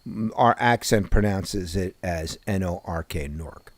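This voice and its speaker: A man's voice: sits low, measured pace, no echo. A man in his fifties from Newark with a heavy New Jersey accent, a podcast host telling profane, jokey stories in casual chat. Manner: profane, jokey, animated storyteller.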